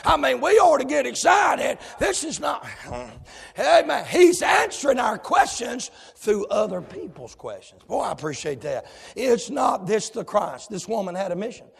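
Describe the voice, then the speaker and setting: Man, fiery revival preaching, gravelly rasp, echoing church hall. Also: extremely high pitch, wildly swooping pitch, normal speed. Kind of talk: sermon.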